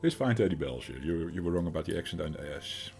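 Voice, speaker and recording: A man's voice: low voice, expressive, fast, gravelly, darkish tone, faint music behind. A man in his thirties with a Dutch accent, chatting casually with his stream chat, rambling with fillers as he answers them. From Netherlands.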